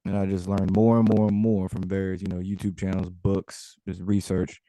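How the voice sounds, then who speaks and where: Young male guest, lowish voice, easygoing with fillers, dry close sound. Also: normal speed, dry recording. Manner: relaxed, lots of filler words. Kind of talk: casual interview.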